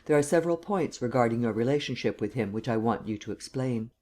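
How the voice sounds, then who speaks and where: A man's voice: mid-range voice, expressive, fast, darkish tone, natural voice. A man reading a cold, formal prosecutor. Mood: cold, probing. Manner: level, cold questioning. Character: stern district attorney, cold and formal.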